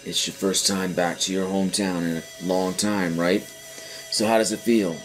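A man's voice: sits low, steady tone, moderate pace. A man hosting a game playthrough, reading the dialogue aloud with dry asides. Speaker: let's play host. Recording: faint game music behind.

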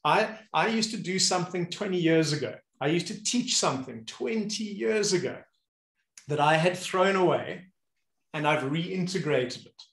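A man with a fairly high voice tells stories animatedly in a relaxed chat, slipping in and out of the voices of the people he describes. The room echoes noticeably around him. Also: moderate pace. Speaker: movement coach and host. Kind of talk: casual conversation. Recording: roomy echo.

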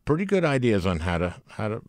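A man's voice: lowish voice, sing-song, fast, darkish tone, dry recording, clean studio sound. A man hosting a podcast, chatting casually and throwing in jokey interjections. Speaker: podcast host.

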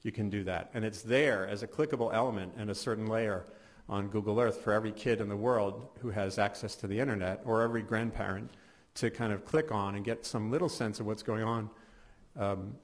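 A middle-aged man, a journalist, giving a conversational conference talk with wry asides and frequent restarts. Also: lowish voice. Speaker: science journalist. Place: symposium hall.

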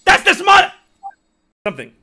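A man reacting excitedly to game trailers, shouting and swearing with joy. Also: moderate pace. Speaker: reaction video host.

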